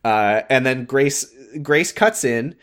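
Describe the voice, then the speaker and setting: Lively animated man chatting. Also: medium pitch, slow, clean tone. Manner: animated, swears freely, jumps into voices when quoting. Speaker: podcast co-host. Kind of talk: casual chat.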